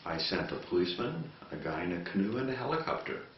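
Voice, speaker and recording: A man's voice: sits low, expressive, fast talker. A man doing a puzzled, matter-of-fact Lord. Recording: distant, echoey, muffled with faint hiss.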